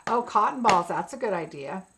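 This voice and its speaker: At an ordinary pitch and a slightly fast pace, a woman hosts a relaxed craft tutorial against a noisy background. She chats viewers through each step instructively, musing aloud about her choices as she works.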